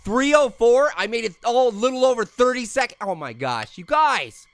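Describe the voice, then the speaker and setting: A man doing a shrill, gravelly cartoon fruit gamer. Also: normal speed, no echo, exaggerated voice. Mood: indignant. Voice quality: high, gravelly voice. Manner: excitable, yelps and shrieks at scares, repeats himself. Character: hyper, wisecracking cartoon fruit gamer, male. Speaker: let's play commentator. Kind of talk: let's play commentary.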